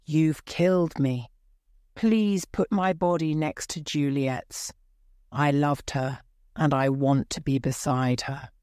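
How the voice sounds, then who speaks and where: A woman reading a storybook, voicing a proud, jealous young nobleman who shouts and accuses. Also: deep voice, fairly even intonation, slow pace, clean tone, no room sound, studio quality. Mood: dying.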